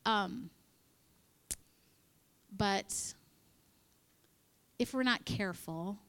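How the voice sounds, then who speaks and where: A woman giving an animated devotional talk at church, acting out quotes and dropping into whispers. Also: mid-range voice, very slow. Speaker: church speaker.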